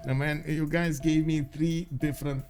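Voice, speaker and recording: A man's voice: on the high side, flat delivery, normal speed, darkish tone. A man giving live esports commentary on a stream, talking casually with lots of "uh" fillers and asides to viewers. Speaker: stream caster for a strategy game tournament.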